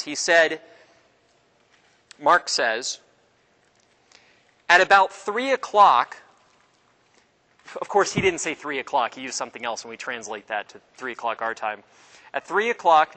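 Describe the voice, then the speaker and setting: A man teaching a class in a relaxed, halting way, with many fillers and restarts. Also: mid-range voice, poor audio. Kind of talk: informal classroom lecture.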